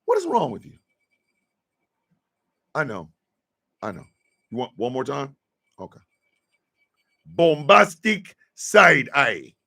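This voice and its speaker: A man's voice: mid-range voice, wildly swooping pitch, unhurried, pauses often, a little mellow, slightly rough. A man hosting a casual live stream, scolding a troll in mock indignation and tacking "sir" onto his lines.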